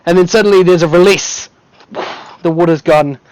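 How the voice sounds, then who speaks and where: Man, game master, lively storyteller, quick to laugh; dry close sound. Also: high-pitched, no room sound, rough recording. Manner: casual, laughs often, vivid storytelling. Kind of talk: narrating a tabletop game.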